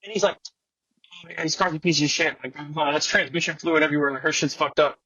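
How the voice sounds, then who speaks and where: A man's voice: a little high, fast, husky, muffled recording. A young man, a skateboarder guest on a podcast, telling a story casually with lots of slang and swearing, acting out what people said. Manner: slangy, animated, swears a lot, acts out quotes.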